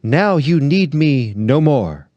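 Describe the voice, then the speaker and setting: A man's voice: on the high side, sing-song, slow pace, mellow, no room sound, muffled recording, pitched above the performer's own voice. A man doing a melodramatic wailing tragedian. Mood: melodramatic despair. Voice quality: choking, declamatory. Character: theatrical male tragedian phantom, self-pitying and melodramatic.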